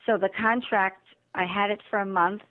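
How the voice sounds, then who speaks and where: Woman telling her story on an interview, lively, acts out the dialogue, sounds like a phone line. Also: mid-range voice, moderate pace. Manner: animated, acts out quoted dialogue. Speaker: guest author and motivational speaker.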